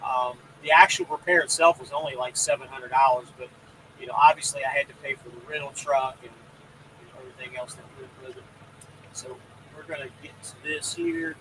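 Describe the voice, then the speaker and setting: A man's voice: medium pitch, big pitch swings, fairly quick, background noise. A man hosting a casual live stream about trucking, rambling and greeting viewers by name. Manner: rambling, reads out viewer comments.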